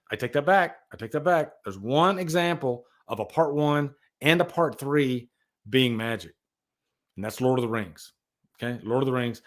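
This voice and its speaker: Animated man chatting on a live stream. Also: fairly high pitch. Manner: enthusiastic, rambling, talks to chat viewers. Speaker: livestream host. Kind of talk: casual live-stream chat about movies.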